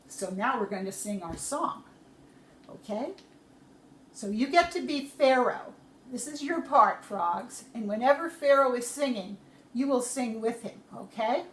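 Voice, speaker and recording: A woman teacher telling a story to young children in a slow, gentle way. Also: on the high side, roomy sound.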